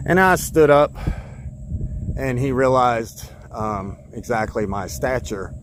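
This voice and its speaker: A man's voice: medium pitch, expressive, slow pace, a little hiss or hum. A man vlogging outdoors in a park, rambling through a story and pointing out spots as he goes. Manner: rambling, pointing out spots, acts out his own retorts. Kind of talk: casual storytelling to camera. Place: outdoors in a park, sitting on his bike.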